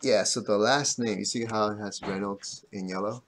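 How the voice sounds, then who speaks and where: A man's voice: lowish voice, fairly even intonation, moderate pace, a bit bright, slight background noise. A man explaining card details in an easygoing way on a live stream.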